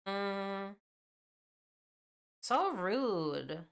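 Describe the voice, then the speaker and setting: A woman's voice: medium pitch, very animated, drawn-out words, gravelly, clear, resonant tone. A young woman streaming a game, chatting casually and fussing over her audio settings during a mic check.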